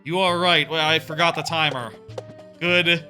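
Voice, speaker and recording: A man's voice: a little high, steady tone, normal speed, bright, forceful tone, faint music behind. A man in his thirties chatting casually while live-streaming a game, rambling with many fillers and restarts. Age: 30s.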